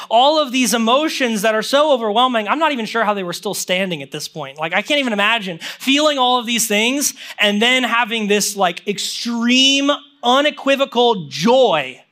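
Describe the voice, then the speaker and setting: A young adult man preaching a sermon as a pastor, animated and conversational, with lots of casual fillers. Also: high-pitched.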